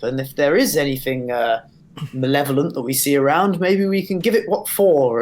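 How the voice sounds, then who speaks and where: A player in a tabletop game, talking casually, hesitant and full of fillers but playful. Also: medium pitch.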